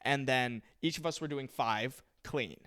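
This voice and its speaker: Bright-voiced young man telling a story. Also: medium pitch, unhurried, clear, resonant tone. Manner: animated storyteller who acts out quotes. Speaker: comedian, podcast co-host. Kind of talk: casual podcast chat, storytelling.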